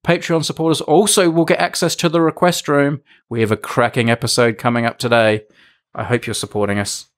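An Australian man co-hosting a podcast in casual, playful chat. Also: level tone. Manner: playful, measured pitching. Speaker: podcast co-host.

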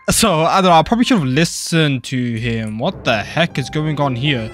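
A man's voice: a little high, expressive, a little fast, fairly bright tone, soft background music. A man doing frantic Minecraft role-play commentary, jumpy and casual, talking to in-game characters and calling them bro. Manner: casual slang, calls others bro. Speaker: gaming YouTuber.

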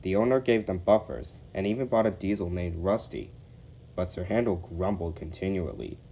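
A man with a low, mellow voice reads a railway storybook aloud. He keeps a steady, measured pace and a soft, warm tone. The narration is calm and even. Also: gravelly, a little hiss or hum.

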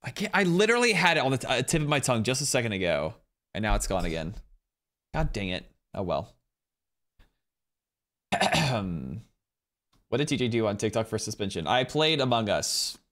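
A man's voice: mid-range voice, normal speed, long pauses. Guy streaming from home, rambly casual chat w viewers, voice bouncing all over the place. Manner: chatty and rambling, excitedly thanking viewers.

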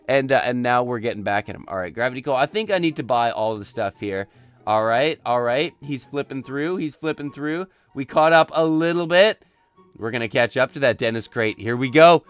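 A hoarse young man with his voice nearly gone, excitedly narrating his gameplay and yelling at each mishap. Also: mid-range voice, normal speed, no room sound, faint music behind. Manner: excitable, narrates each move, frequent yells. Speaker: gaming commentator. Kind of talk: gameplay commentary.

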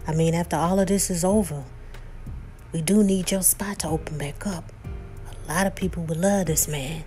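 A woman voicing a calm, reasoning father with an easygoing manner. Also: lowish voice, normal speed, soft background music, close to an everyday voice.

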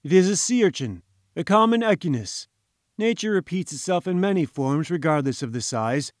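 A man's voice: fairly high pitch, animated, normal speed, no room sound, clean studio sound, lightly acted. A man voicing a pompous, condescending professor who lectures in grand, patronizing tones, in an audiobook reading. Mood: pompous, lecturing. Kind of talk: audiobook character voice.

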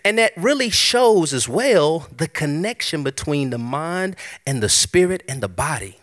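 Animated, lively-pitched preaching man. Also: measured pace. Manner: conversational preaching, animated and personal. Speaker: pastor. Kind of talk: sermon. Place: church service.

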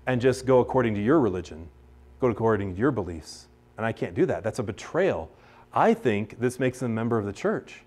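An American man, a priest, teaching a class in a casual, chatty way, with many restarts and acted-out quotes of other people. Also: mid-range voice.

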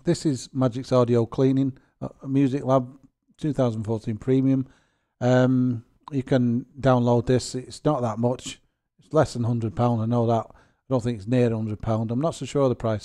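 A man, hosting his gaming channel and chatting through a software tutorial, rambling and joking at his own expense. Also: medium pitch, little pitch movement, moderate pace. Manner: chatty and rambling, with self-deprecating jokes.

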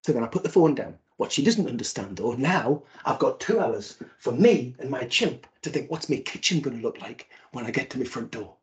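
Male keynote speaker, animated comic storyteller with a lively voice, on a video call. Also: mid-range voice, fairly quick, few pauses. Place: virtual event.

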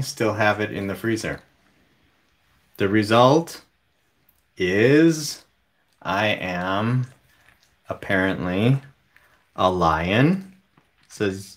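A man hosting a casual livestream from home, reading viewer comments aloud in a relaxed way. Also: fairly low pitch. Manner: slow, relaxed, reads chat comments aloud. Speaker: livestream host.

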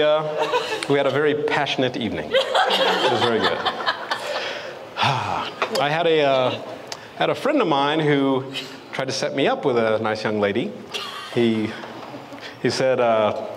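A man telling a story in a stand-up set, acting out both sides with big jumps in pitch. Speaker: stand-up comedian. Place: comedy club stage. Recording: live club audio with long reverb and noise. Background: audience laughter.

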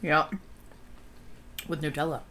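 This woman has a notably low, husky-free voice and speaks in an easy, unhurried drawl. She co-hosts a casual snack-tasting show, lingering over flavors as she describes them. Faint wrapper crinkles sit behind her. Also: flat delivery, pushed and bright, slight background noise. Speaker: co-host of a snack review show.

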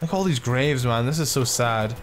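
A man chats loosely through a game playthrough, excitable and quick to swear, stringing his thoughts together with lots of filler. His voice sits at a middling pitch. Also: over loud music. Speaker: let's play gamer. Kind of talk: casual gaming commentary.

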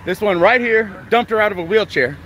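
A man filming a confrontation outdoors in a parking lot, yelling angry, profane insults at staff. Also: high voice, animated, brisk, heavy background noise. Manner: angry, profane shouting at staff, gentle to the woman. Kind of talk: heated confrontation.

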